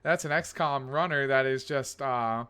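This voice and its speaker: A man co-hosting a casual chat about video games, animated and full of restarts. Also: medium pitch, a little slow, clean tone. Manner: animated, talks over others with many restarts. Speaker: podcast co-host.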